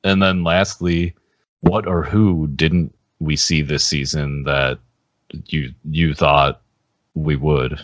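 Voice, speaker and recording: A man co-hosting a podcast in casual chat, relaxed and laughing often, with sentences that trail off. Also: a bass voice, slow, dry recording. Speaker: podcast co-host.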